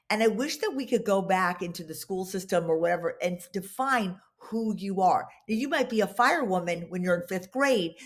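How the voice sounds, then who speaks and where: A woman, a podcast guest, telling long, animated stories in a casual interview and acting out what people said. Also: mid-range voice. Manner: animated, long-winded storyteller acting out quotes.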